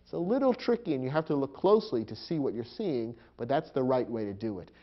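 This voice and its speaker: A man's voice: medium pitch, animated, quick pace, lo-fi sound. A man teaching a grammar lesson, explaining punctuation rules step by step and spelling out marks aloud. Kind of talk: recorded lecture.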